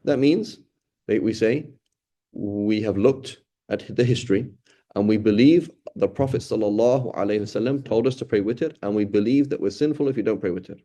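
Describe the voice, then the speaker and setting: A middle-aged religious teacher gives an informal Quran study lecture in a lowish, warm voice at a moderate pace. He speaks conversationally, thinking aloud with restarts and often checking in with "right?"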